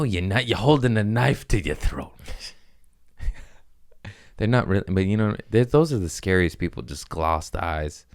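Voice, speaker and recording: Young male podcast host, rambling and crude, laughs at himself; deep, very lively delivery. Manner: crude, rambling, laughs at his own jokes. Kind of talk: casual comedic monologue.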